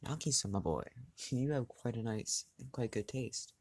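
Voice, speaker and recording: A man's voice: mid-range voice, moderate pace, a little mellow, breathy edge, no room sound. A man voicing a genial, fatherly male teacher in a read-aloud fan story, friendly and polite.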